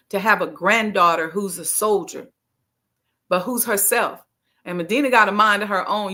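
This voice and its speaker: A woman's voice: medium pitch, pushed and bright. A middle-aged woman giving an emphatic motivational sermon at a Ramadan gathering, repeating her key lines and talking to the crowd like family. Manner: emphatic, repeats key phrases, folksy call-and-response. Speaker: speaker leading a Ramadan gathering.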